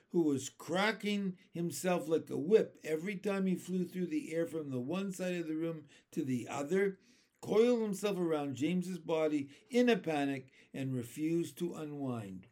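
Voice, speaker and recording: A man reads a children's storybook aloud in a slow, expressive narration. His pitch is lively and sits a little high for a man, and he corrects a small slip now and then. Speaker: reader. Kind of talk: reading a children's book aloud.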